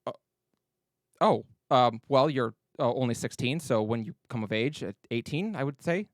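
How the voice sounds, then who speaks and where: A man voicing a blunt teenage girl warrior who answers in flat, curt replies. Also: mid-range voice, normal speed, dry recording, clean studio sound, lightly acted.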